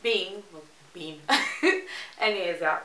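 A woman's voice: on the low side, takes it slowly, pushed and bright, slight background noise. A woman from South Africa chatting casually in a reaction vlog, rambling and laughing between phrases. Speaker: reaction vlogger. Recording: roomy echo with music faintly behind.

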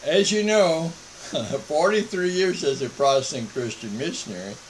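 Slow-talking older man. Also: a little high, animated, a little hiss or hum, low-quality recording. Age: 70s. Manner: slow, folksy, repeats "all right?". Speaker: missionary broadcaster. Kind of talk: casual livestream monologue. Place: home.

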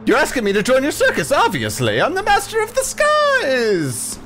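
A man's voice: extremely high pitch, huge pitch swings, normal speed, pushed and bright, slight background noise, pitched above the performer's own voice, full character voice. A man voicing a flamboyant, boastful male fairy acrobat who talks in a bombastic, showy way. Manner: bombastic, showy, easily offended.

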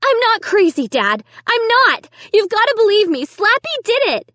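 A woman's voice: very high-pitched, sing-song, normal speed, sharp tone, no echo, pitched above the performer's own voice, full character voice. A woman voicing a frightened, insistent preteen girl who pleads shrilly. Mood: desperate.

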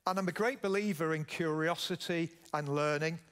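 A man's voice: on the high side, moderate pace, fairly bright tone. A middle-aged man from Yorkshire with a Yorkshire accent, giving a conference keynote speech and telling stories as he asks the audience questions. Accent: Yorkshire English. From Yorkshire, England. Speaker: keynote speaker, business founder. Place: conference stage.

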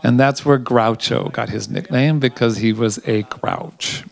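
A gravelly-voiced theater director of medium pitch talks a little slowly as he gives a behind-the-scenes interview. He relates history with chatty animation and plenty of ums.

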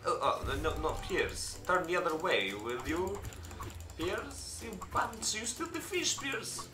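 A young man hosting a let's play, cracking jokes and cursing as he reacts to the game. His voice is bright and pitched a little high, and it swings around a lot. The room is echoey, with a faint hiss underneath. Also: very animated, normal speed. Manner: joking, swearing, laughs often. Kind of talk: game commentary.

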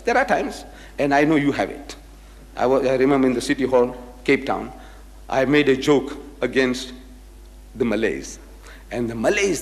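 A man giving a public lecture, telling anecdotes and acting out the quoted dialogue with animation. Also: mid-range voice. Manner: animated storyteller who acts out quoted dialogue. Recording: echoey hall reverb.

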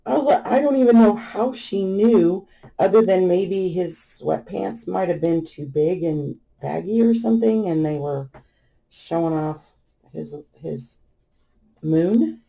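A woman's voice: fairly low pitch, unhurried, creaky. A middle-aged woman vlogging while she crafts, chatting through a funny family story with frequent laughter. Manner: chatty storyteller, laughs often, animated retelling. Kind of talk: casual anecdote while crafting.

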